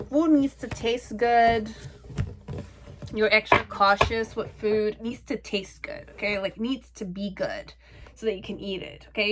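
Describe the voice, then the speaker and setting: A woman's voice: mid-range voice, a bit bright, a little hiss or hum. Chatty woman giving a rambling tarot reading. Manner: rambling and chatty, with frequent "okay?" and "like". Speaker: tarot reader. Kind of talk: casual pick-a-card tarot reading.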